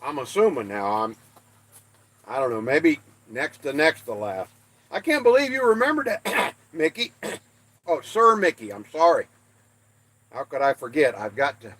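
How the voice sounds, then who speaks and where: A man's voice: on the high side, fairly bright tone. An older man from the American West hosting a livestream, chatting casually and folksy with viewers as he reads their comments. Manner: folksy, self-deprecating, reads chat aloud. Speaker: livestream host. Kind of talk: casual chat with live chat viewers.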